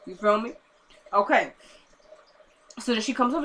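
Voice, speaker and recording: Bright chatty young woman recapping an episode. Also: fairly high pitch, brisk, long pauses. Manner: chatty, animated, retells scenes in quoted voices. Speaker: TV episode reviewer. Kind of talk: casual recap vlog.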